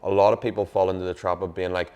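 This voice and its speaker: A man's voice: sits low, flat delivery, rapid-fire, a little mellow, smooth, dull audio. A man hosting a casual chat, talking loosely with fillers and the odd swear. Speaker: podcast host.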